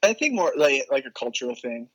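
Young man, bright and forceful tone, laughing storyteller, podcast guest. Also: mid-range voice, fast, rough recording. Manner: laughs often, animated storytelling with quoted voices.

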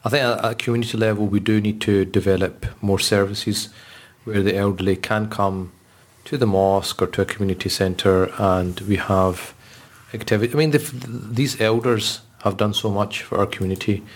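A man's voice: on the low side, steady tone, normal speed. A man, a religious scholar, talking earnestly in a podcast conversation, telling stories with frequent restarts. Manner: earnest, storytelling, with repeated restarts.

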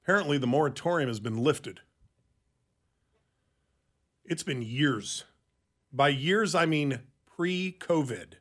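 A man hosts a radio talk show in a casual, joking way. His voice sits a bit high and moves around a great deal. He reads out items between the chatter. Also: expressive, slow pace, long pauses, a bit bright.

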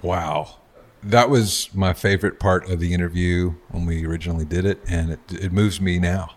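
A man's voice: low voice, steady tone, moderate pace. A man co-hosting a podcast, mostly giving short agreeing replies. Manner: brief affirming interjections. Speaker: podcast co-host. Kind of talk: casual podcast chat.

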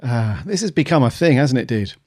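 A man's voice: mid-range voice, animated, brisk, a little mellow, slightly rough, dry recording, studio quality. Rambling man, podcast co-host. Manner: musing, rambling with um and uh fillers. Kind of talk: casual chat.

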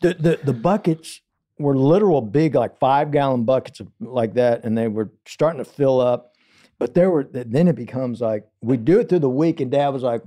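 A songwriter, a man, telling a funny story as a podcast guest and acting out the people in it with raised, shouting voices. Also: mid-range voice, a little fast. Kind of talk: animated storytelling.

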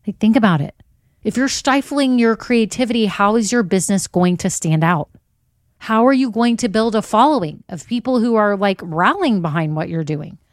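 A woman's voice: mid-range voice, lively intonation, moderate pace, no room sound, studio quality. A woman hosting a podcast, giving upbeat motivational business advice straight to her listeners. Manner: upbeat, coaching, addresses listeners as y'all. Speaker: podcast host.

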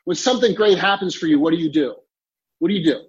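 A man's voice: a little high, fast, muffled recording. A man giving a motivational interview as a time coach, talking emphatically and repeating key phrases. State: clearing throat, choked up.

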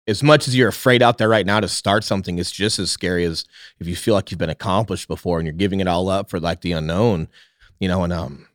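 A man's voice: sits low, no room sound, studio quality. A man in his thirties telling a candid, profane personal story as a guest in a casual talk. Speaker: podcast guest, realtor.

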